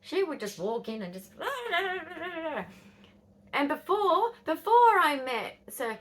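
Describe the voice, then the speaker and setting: A woman's voice: high voice, very animated, moderate pace. An Australian woman in her fifties telling a rambling, blunt story to camera, swearing and dropping into whispers. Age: 50s. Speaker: vlogger.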